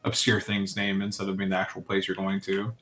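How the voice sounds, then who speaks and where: A man's voice: low voice, completely flat delivery, brisk, a bit bright, slight background noise. A man co-streaming a video game, chatting in an easygoing, explanatory way. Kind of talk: casual let's-play chat.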